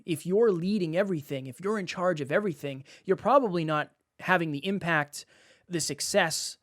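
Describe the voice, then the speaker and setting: A man co-hosting a podcast, talking in an animated way and repeating phrases as he makes his point. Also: fairly high pitch, dry recording, clean studio sound. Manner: animated, uses sports analogies, repeats phrases. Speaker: podcast co-host. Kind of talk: casual podcast talk.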